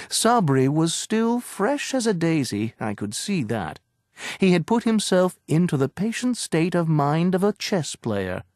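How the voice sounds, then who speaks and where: A man giving a scripted, measured and expressive audiobook narration. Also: on the high side, no echo, studio quality.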